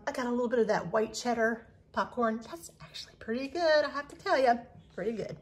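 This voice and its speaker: Woman in her 60s, husky, slightly high voice, chatty grocery haul host. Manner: chatty, homey, rambling with fillers. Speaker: channel host. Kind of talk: casual grocery haul vlog. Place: farmhouse kitchen.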